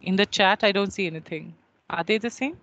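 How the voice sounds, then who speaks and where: A woman's voice: medium pitch, fairly quick, a bit bright, a little hiss or hum, poor audio. Indian English woman lecturing online. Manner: explanatory, with frequent checking questions.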